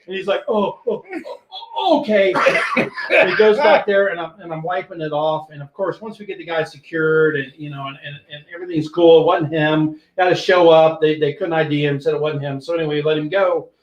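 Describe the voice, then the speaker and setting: An older man, a retired police sergeant, hosting a podcast and telling an animated, profane story that acts out what people said. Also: on the high side, brisk, few pauses, reverberant, lo-fi sound. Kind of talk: casual storytelling.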